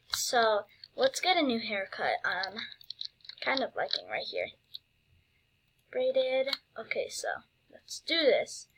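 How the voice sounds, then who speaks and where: A woman chatting her way through a game, giddy and gushing, with plenty of fillers and exclamations. Her voice sits fairly high and sounds bright and crisp. She talks at an unhurried, drawn-out pace. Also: a little hiss or hum. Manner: giddy, gushing, lots of "um" and "oh my God". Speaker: gameplay video creator. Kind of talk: casual gameplay commentary.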